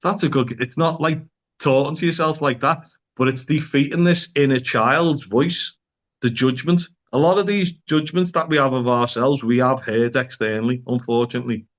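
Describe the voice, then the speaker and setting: A man's voice: mid-range voice, fairly even intonation, moderate pace. A man speaking as a psychotherapist guest in a casual podcast conversation, talking frankly and bluntly, swearing freely and using local slang.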